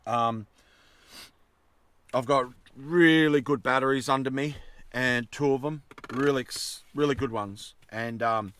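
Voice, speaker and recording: A man's voice: medium pitch, measured pace, fairly bright tone. A young adult man, chatting casually inside his camper van and telling meandering stories. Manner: chatty, colloquial, meandering storyteller. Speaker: vlogger. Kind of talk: casual rambling vlog chat.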